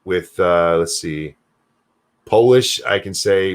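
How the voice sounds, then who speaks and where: A man's voice: low voice, slow pace, pauses often. An older American man, a grandfather, hosting a live stream alone, chatting casually, reading viewer messages aloud and swearing freely as he rambles. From United States. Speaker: show host reading live chat.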